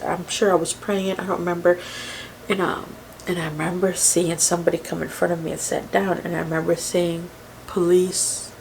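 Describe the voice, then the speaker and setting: A woman telling a painful personal story on camera, halting and emotional, with many pauses and fillers, sometimes dropping to a whisper. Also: on the low side, gravelly, a little hiss or hum, rough recording. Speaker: mukbang creator. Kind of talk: storytime while eating.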